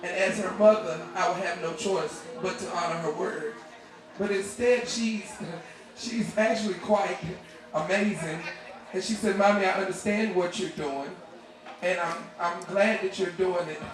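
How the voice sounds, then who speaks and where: A woman in her thirties, a singer and bandleader, speaking from the stage in a heartfelt, halting way and choked up with emotion. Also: on the low side. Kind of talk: stage talk at a live concert. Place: bar stage with a live audience. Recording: echoey live club recording from far off, loud band and crowd.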